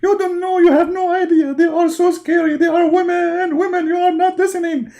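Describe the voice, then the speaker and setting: A man doing a high, panicky whiny man. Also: level tone, gravelly, darkish tone. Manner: fast, pleading, high-strung. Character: panicky, whiny male prophet figure.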